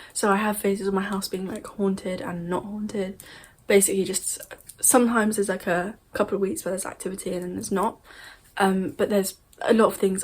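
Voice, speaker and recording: A woman's voice: medium pitch, a little hiss or hum. A young woman in her bedroom telling a spooky story in a casual, rambling way, correcting herself as she goes. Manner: chatty, rambling, self-correcting. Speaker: vlogger. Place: bedroom at home.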